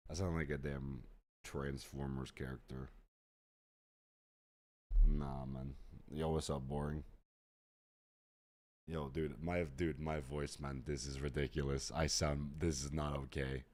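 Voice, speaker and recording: A man streaming a game live, sick, with an unusually deep and rough voice, chatting in slangy, exasperated asides to his viewers. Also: little pitch movement, slow pace, pauses often, a little mellow. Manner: slangy, exasperated, talks straight to chat. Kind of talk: casual live-stream chat.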